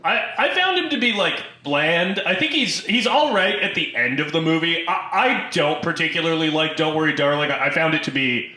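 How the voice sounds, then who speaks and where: A man with a higher, bright voice swings his pitch widely as he argues his views on a casual film podcast. He stumbles and restarts as he talks. His voice rings in a roomy echo. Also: expressive, brisk, few pauses. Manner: opinionated, stammering restarts. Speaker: podcast co-host. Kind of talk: casual chat.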